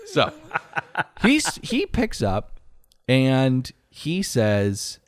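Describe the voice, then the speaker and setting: Animated man telling an exasperated story. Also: medium pitch, extremely slow. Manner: exasperated, swears freely. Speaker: podcast co-host. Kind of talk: casual storytelling.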